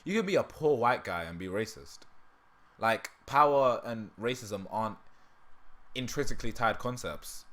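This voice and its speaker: A man's voice: medium pitch, animated, normal speed, fairly bright tone. Laughing man with a sore throat. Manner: laughing, rambling, breaks off mid-sentence. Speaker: livestream host. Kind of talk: casual livestream chat.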